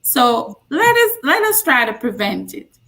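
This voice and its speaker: In a high voice with big pitch swings, a woman in her forties from Jamaica talks casually about health as a guest speaker and nurse practitioner. She tells stories slowly and warmly, repeating points for emphasis.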